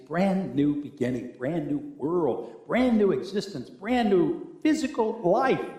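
A middle-aged man preaching a sermon as pastor, earnest and unhurried, with dramatic pauses and rising swells. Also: mid-range voice, very animated. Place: church sanctuary. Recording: echoey church sanctuary.

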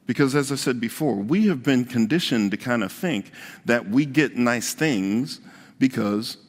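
Pastor preaching in a reverberant hall. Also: male voice, mid-range voice, expressive, measured pace. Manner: conversational, repeats key points for emphasis. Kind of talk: sermon.

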